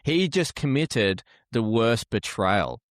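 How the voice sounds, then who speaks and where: A man's voice: medium pitch, very animated, takes it slowly, dry recording, studio quality. A man, co-hosting a podcast with teasing, jokey banter. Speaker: podcast co-host.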